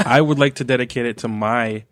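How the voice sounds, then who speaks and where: A man co-hosting a podcast, trading brash, teasing banter in casual chat. His voice sits at a plain middle pitch. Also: steady tone, moderate pace, fairly bright tone. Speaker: podcast co-host.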